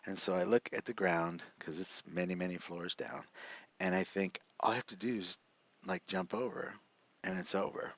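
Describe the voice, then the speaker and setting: A man's voice: low voice, steady tone, normal speed, a bit bright. A middle-aged man, a show host, earnestly telling a personal story, rambling with many restarts. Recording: dull lo-fi sound.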